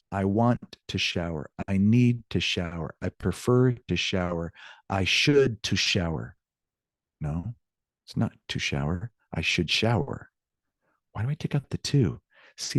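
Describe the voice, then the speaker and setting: A man's voice: on the low side, darkish tone, no room sound, studio quality. A man teaching a Spanish lesson, explaining grammar patiently and often checking in with his students. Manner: answers student questions aloud. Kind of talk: recorded online class lecture.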